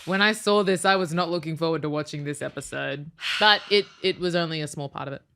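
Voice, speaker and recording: A woman's voice: sits low, quick pace, vocal fry, fairly bright tone, a little hiss or hum. A young woman co-hosting a casual podcast. She chats in an easily amused way, often trailing off and restarting her sentences. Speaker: podcast co-host. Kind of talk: casual chat.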